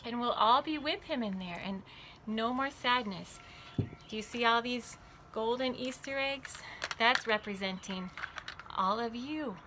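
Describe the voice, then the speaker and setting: A woman teaching a children's Bible club, telling a story in an animated way and asking the children questions. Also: a little high, noisy background. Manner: animated, asks children questions, says their names.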